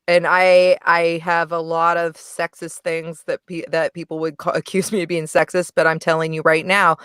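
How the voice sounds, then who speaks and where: A woman with a low, clean-toned voice joins a podcast as a guest, chatting frankly and animatedly about a movie and laughing often. It's a casual movie review chat with clean studio sound and no room sound.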